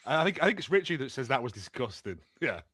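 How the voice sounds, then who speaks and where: A man's voice: mid-range voice, sing-song, fast, a bit bright. A man co-hosting a casual TV recap podcast, adding chuckling asides. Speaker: podcast co-host.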